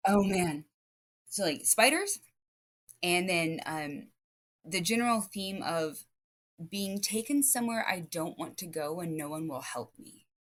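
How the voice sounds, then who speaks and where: Female podcast guest, deep voice, lively, chatty storyteller with lots of fillers. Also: measured pace. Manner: lively, rambling storytelling full of "like" and restarts. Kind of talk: casual podcast chat.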